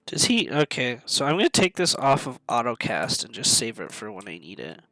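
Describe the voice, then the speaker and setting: A man casually commenting on an online game as he plays it on a live stream, musing aloud in halting self-talk. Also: mid-range voice, huge pitch swings, sharp tone, no room sound.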